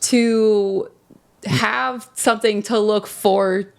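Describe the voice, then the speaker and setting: A woman co-hosting a casual podcast with an unhurried, earnest delivery. She comes from West Virginia and talks in a chatty, personal way. Her pitch sits in a normal middle range. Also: fairly even intonation, vocal fry. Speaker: podcast co-host. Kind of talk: casual chat.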